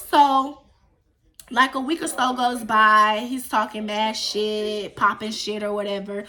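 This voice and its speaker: A young adult woman telling a story casually in a vlog, with animated, profane, emphatic delivery. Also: mid-range voice, a little slow. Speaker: storytime vlogger.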